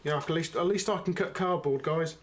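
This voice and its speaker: A man's voice: a little high, noisy background. Chatty man reviewing a knife. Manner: chatty, unhurried, addresses viewers as guys. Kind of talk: casual product review.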